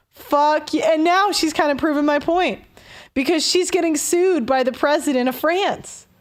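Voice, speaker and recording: Young woman host, high voice, blunt heated rant with restarts. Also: normal speed. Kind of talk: opinion rant on a call-in show.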